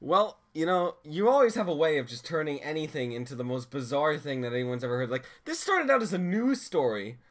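A man's voice: a little high, very animated, a little fast, hardly any pauses. A man co-hosting an improvised comedy show, playing the exasperated straight man who keeps interrupting. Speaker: comedy co-host, news reader.

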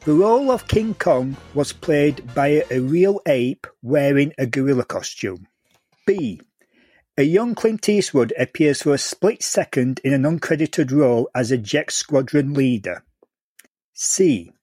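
A man's voice: mid-range voice, lively intonation, measured pace, warm tone, dry recording, soft background music. A man hosting a casual podcast quiz, reading out questions and multiple-choice options with frequent laughs. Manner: reads questions and options clearly, laughs often.

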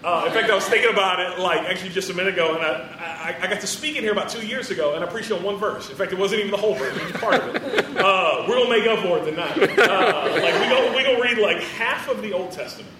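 Chuckling between phrases, a fairly high-voiced preacher gives a casual, joking sermon, talking fast with few pauses. He seems far from the mic, and the very echoey hall carries his voice above faint background room noise.

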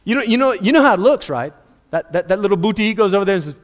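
Animated preacher in a reverberant hall. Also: male voice, high voice, racing. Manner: animated, acts out dialogue, laughs at own stories. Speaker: pastor. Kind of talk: sermon.

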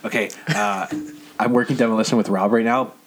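A man's voice: fairly low pitch, brisk, faint music behind. A man in casual chat, telling stories animatedly and swearing freely, acting out what people said. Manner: animated storyteller, swears freely, acts out quotes.

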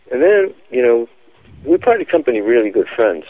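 A man's voice: mid-range voice, sing-song, brisk, no room sound. A man giving a phone-in radio interview, telling his account in an emphatic, insistent way. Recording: tinny phone line, dry.

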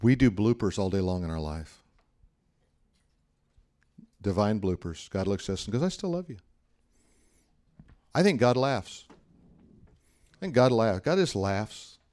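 A man's voice: fairly low pitch, animated, unhurried, pauses often, a little mellow. A man, a pastor, giving a sermon in a conversational, humorous style full of anecdotes.

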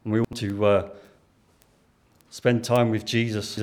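A man's voice: fairly low pitch, flat delivery, unhurried, darkish tone. Earnest Lancashire man preaching. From Lancashire, England. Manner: earnest, conversational, asks the listeners questions. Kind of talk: sermon.

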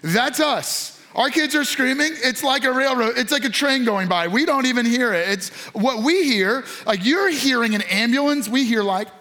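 High-voiced man preaching in a chatty way. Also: normal speed, hardly any pauses, sharp tone. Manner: casual storytelling with acted quotes. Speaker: pastor. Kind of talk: sermon.

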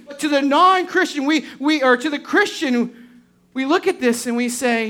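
A woman's voice: sits high, measured pace, a bit bright. A woman preaching a sermon to a congregation, emphatic and full of rhetorical questions. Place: church service before a congregation.

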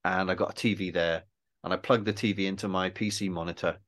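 A man, a film director and guest, talking in a casual interview, rambling and self-deprecating, halting and restarting often. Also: deep voice, steady tone, fairly bright tone. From Wales.

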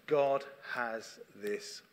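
A man's voice: mid-range voice, very slow, a little hiss or hum. A middle-aged man preaches to his congregation in a plain, conversational manner. He speaks earnestly and circles back to the same phrases. His voice carries a long reverb from the church hall around him. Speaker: church leader. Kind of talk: sermon.

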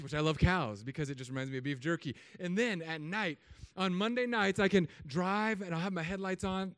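Animated joking pastor, high clear voice. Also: male voice, dry recording, studio quality. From Southern California. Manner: jokey, animated storytelling with put-on voices. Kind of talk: humorous sermon.

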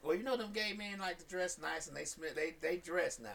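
A man's voice: high-pitched, fairly quick, gravelly, a bit bright. A man co-hosting a podcast, gossiping and laughing often. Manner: gossipy, laughs often, reads comments aloud. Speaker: podcast co-host. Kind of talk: casual chat.

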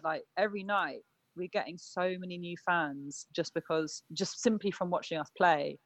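A woman's voice: lowish voice, normal speed, no room sound, muffled recording. A woman in her thirties, a punk band musician being interviewed, talking in a chatty way full of fillers and self-corrections. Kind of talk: casual interview chat.

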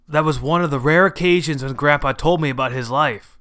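A man's voice: on the high side, fairly quick, pushed and bright, clear, resonant tone. A man reading a short story aloud as its narrator. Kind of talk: scripted narration.

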